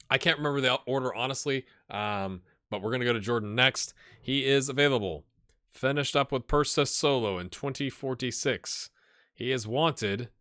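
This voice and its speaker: A chatty man walks viewers through a sports management game, thinking out loud and tossing in rhetorical questions. His voice sits at an ordinary middle pitch. The recording is dry and close, with little sense of the room. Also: no echo. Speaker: gaming channel host. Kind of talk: casual game commentary.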